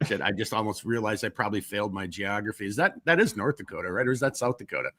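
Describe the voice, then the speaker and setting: A man's voice: on the low side, quick pace, bright, forceful tone. A man with a Minnesotan accent hosting a casual political podcast, rambling with many restarts and casual swearing. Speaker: podcast host.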